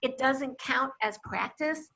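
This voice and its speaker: A woman's voice: sits high, slow, creaky, bright, forceful tone, husky. A woman who works as a communication coach, speaking in an interview and making her points with emphatic examples. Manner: emphatic, quotes vivid examples. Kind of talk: interview conversation. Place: Akron, Ohio.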